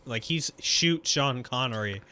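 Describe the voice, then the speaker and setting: A man's voice: mid-range voice, expressive, measured pace, bright, forceful tone. A man guest on a film podcast, chatting casually in a jokey, giggly way. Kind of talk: casual chat.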